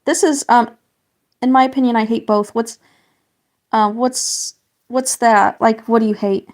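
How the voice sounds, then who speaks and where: A woman's voice: a little high, fairly even intonation, measured pace. A young woman chatting casually on a live stream while colouring, greeting viewers and reading out their comments with lots of fillers. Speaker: livestreamer.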